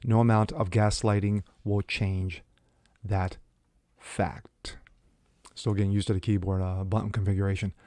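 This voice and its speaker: A man's voice: fairly low pitch, flat delivery, a little slow, mellow, no room sound, clean studio sound. A man hosting an opinion commentary, reading news quotes aloud and breaking in with sarcastic, mocking asides. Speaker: commentary channel host.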